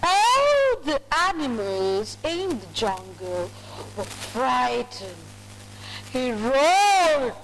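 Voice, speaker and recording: Woman, storytelling coach, theatrical, animated pitch, very slow pace. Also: slight background noise, poor audio. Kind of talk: storytelling demonstration.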